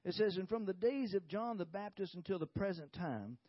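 A man's voice: high-pitched, expressive, normal speed, no echo, muffled recording. A man preaching a sermon, telling a story with many repeated "he said"s and hallelujahs. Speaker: pastor.

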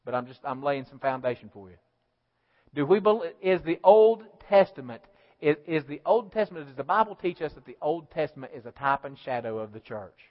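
A high-voiced male pastor preaches in a church, his words trailing into a long hall reverb. The recording is dull and lo-fi, and he moves from loud, emphatic declarations to quiet asides while checking in with the congregation. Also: lively intonation, brisk. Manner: preaching with call-and-response asides, rising and falling in volume. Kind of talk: sermon.

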